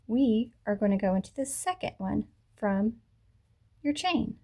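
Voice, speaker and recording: Woman teaching crochet on camera, soft mellow voice, patient and slow with each step. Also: mid-range voice, lively intonation. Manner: patient, talks through each step slowly, self-correcting. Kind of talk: tutorial instruction. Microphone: camera mic.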